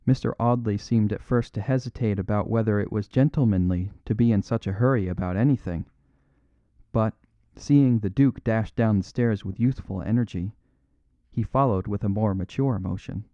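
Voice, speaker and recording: A man narrating a classic mystery audiobook in a measured, even storytelling manner. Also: fairly low pitch, no room sound, dull audio.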